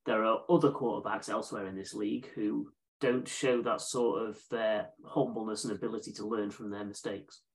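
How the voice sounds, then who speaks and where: A man's voice: on the low side, fairly even intonation, moderate pace, hardly any pauses, rough recording. A man co-hosting a casual sports podcast, outspoken and mocking. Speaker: podcast co-host.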